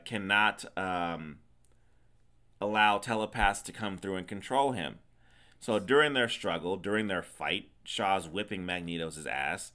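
A man's voice: low voice, bright, forceful tone. A man co-hosting a podcast, retelling a film's plot in casual chat with a teasing, emphatic manner. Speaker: podcast co-host. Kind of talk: casual movie recap chat.

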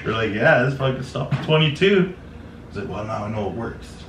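A man's voice: medium pitch, lively intonation, brisk. A young man from Canada telling casual, rambling stories, full of swearing, laughter and fillers like "like" and "man". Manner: laid-back, swearing, lots of "like" and "man", laughs often. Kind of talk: casual storytelling chat. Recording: echoey room, mic at a distance, noisy.

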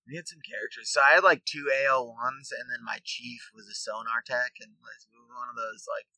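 A man reminiscing in casual, relaxed chat. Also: mid-range voice, normal speed, gravelly, dry recording, low-quality recording.

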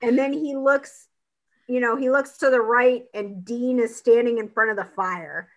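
A woman's voice: fairly high pitch, steady tone, a little slow. A woman in casual chat, animatedly retelling a film scene and acting out the characters' lines.

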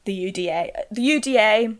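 A woman's voice: medium pitch, normal speed. A young woman with a Northern Irish accent, casually telling stories, swearing freely and peppering her speech with "like".

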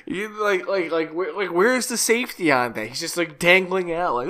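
A man chatting casually about a film, animated and laughing, acting out scenes in silly voices and swearing freely. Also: sits high, normal speed. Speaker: podcast co-host. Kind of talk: casual movie discussion.

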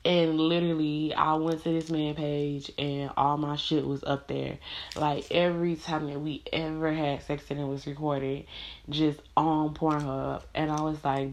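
A woman's voice: low-pitched, level tone, normal speed. A young woman telling a personal story to her audience in a frank, casual way, cursing freely and filling her talk with "like.". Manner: frank, profane, heavy use of "like" fillers.

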